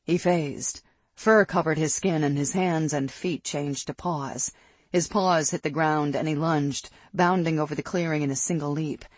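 A narrator giving a steady, scripted reading of a fantasy audiobook. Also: female voice, low voice, a little slow, dry recording. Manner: steady, even storytelling.

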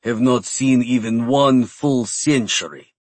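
A man doing a hulking ancient vampire, slow and scornful. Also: medium pitch, a little mellow, no echo. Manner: slow, stiff broken phrasing.

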